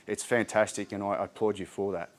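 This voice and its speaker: Australian male speaker, late 30s, low-pitched, casual and frank, lots of fillers and restarts. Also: level tone, fast talker. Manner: candid, chatty, frequent ums and restarts. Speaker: mental health speaker. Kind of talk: informal community talk. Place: indoor community hall.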